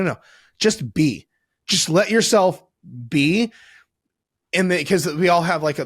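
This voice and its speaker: Animated swearing man, dry close mic. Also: mid-range voice, dry recording. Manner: animated, swearing, acts out voices. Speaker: podcast guest, weight loss coach. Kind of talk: casual podcast conversation.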